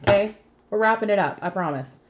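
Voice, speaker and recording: A woman's voice: mid-range voice, a little fast, highs cut off, noisy background. A young woman giving a casual tarot reading, chatty and blunt, swearing freely and laughing often. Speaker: tarot reader.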